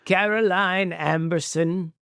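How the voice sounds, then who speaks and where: A man putting on the voice of a sinister old male galactic emperor, speaking slowly and low. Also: steady tone, vocal fry, bright, forceful tone, smooth, dry recording, studio quality, heavily acted.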